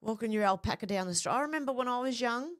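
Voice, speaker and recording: A woman's voice: on the high side, expressive, fast. An Australian woman hosting casual commentary, chatting and reading out posts with laughs between them. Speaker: host.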